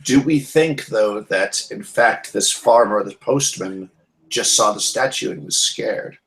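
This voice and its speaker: A lower-voiced man taking his turn in a tabletop game. He gropes for words, restarting and stumbling as he plans his moves. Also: measured pace, vocal fry, fairly bright tone. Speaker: player. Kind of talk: casual tabletop play.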